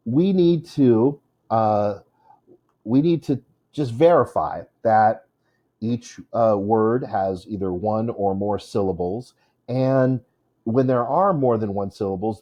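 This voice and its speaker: A man's voice: on the low side, slow, dark tone. A male English teacher giving a recorded lesson, joking with his class and drawing out syllables to show which one is stressed.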